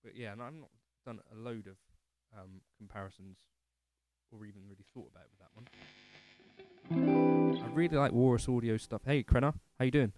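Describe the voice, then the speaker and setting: A man's voice: on the low side, fairly quick, long pauses, a little mellow, soft background music. A man hosting a casual livestream from his living room, rambling and self-deprecating as he answers chat comments. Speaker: livestream host.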